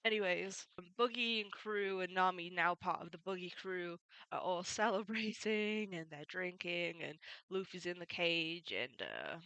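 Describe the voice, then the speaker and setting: A woman gives a casual spoken recap, chatty and full of fillers and small laughs. Her voice is bright and smooth, close and dry on the mic, with no room around it. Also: fairly low pitch, lively intonation, measured pace, no echo, rough recording. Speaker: video creator summarizing a manga.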